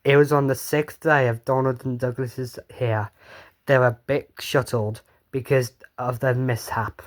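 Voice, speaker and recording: A man's voice: medium pitch, steady tone, unhurried. A man casually reading his own storybook tale aloud, offhand and sweary, stumbling over words. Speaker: reader.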